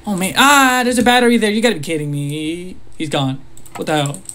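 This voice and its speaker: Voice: mid-range voice, brisk, fairly bright tone. A gamer giving let's-play commentary on a horror game, jumpy and easily startled, with nervous laughs and sudden exclamations.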